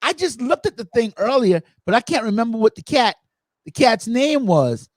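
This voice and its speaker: A man hosting a podcast, telling stories in a lively way and acting out the quotes. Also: very high voice, normal speed, no echo, studio quality. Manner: animated storytelling, acts out quotes. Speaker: podcast host. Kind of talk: casual chat.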